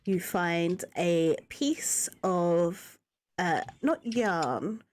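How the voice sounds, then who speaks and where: A woman running a tabletop game as game master, halting as she speaks, with many fillers and restarts. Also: fairly low pitch, expressive.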